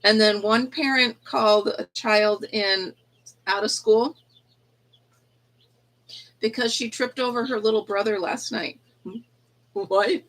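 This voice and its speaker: A woman with a somewhat high voice chats casually on a phone livestream from an indoor yarn room. She laughs easily and coos at baby chicks. Their faint cheeping sounds behind her. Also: slow, pauses often, a bit bright, low-quality recording.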